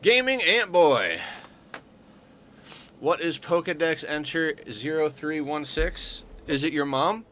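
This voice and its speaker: A man streaming a game, chatty and joking with his viewers while he sounds sleepy. His voice sits a little high and bright, and it swings up and down with a lot of life. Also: lively intonation, slow, slight background noise. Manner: chatty, joking, greets chat by name. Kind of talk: casual livestream chat.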